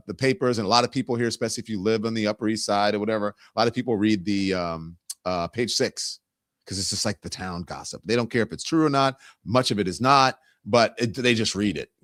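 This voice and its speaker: Middle-aged male host from the South, lively up-and-down delivery, talky and rambling, dry close sound. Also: mid-range voice, dry recording. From Southern United States. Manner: rambling, conversational, many restarts. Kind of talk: casual political commentary.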